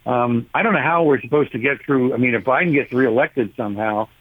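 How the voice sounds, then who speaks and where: A man calling in to a talk radio show, arguing forcefully and sardonically about policy. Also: mid-range voice, fairly quick. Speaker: caller, policy advocate. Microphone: telephone. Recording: tinny phone line.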